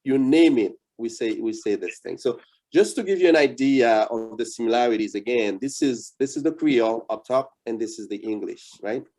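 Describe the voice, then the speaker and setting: A man's voice: medium pitch, lively intonation, a little mellow. A man, giving a patient, coaching language lesson over a video call. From Haiti. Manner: patient, coaching, repeats words slowly. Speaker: language instructor. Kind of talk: interactive online lesson.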